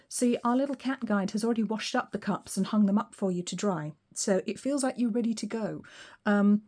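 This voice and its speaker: A woman giving a tarot reading to her viewers, gentle and reassuring, chatting along with soft laughs. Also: mid-range voice. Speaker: tarot reader. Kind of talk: solo tarot reading to camera.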